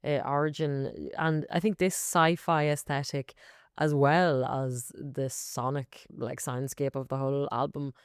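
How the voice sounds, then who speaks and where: A woman co-hosting a music podcast, chatting casually in quick bursts. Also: a bass voice, level tone, smooth, no room sound, clean studio sound. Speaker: podcast co-host. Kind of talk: casual chat about music.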